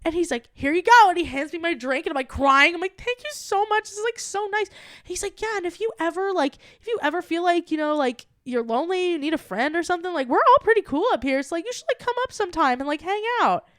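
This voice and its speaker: A young adult woman co-hosting a podcast, telling an animated story in casual chat and acting out the quoted lines. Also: very high-pitched, quick pace, no room sound, studio quality. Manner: animated, acts out quoted dialogue. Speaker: podcast co-host.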